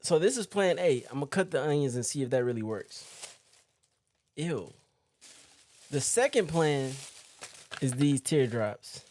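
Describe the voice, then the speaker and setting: A young man talking casually to camera from home as a poker vlogger, chatty and animated, speaking straight to his viewers. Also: fairly high pitch, unhurried, long pauses. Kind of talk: casual vlog talk to camera.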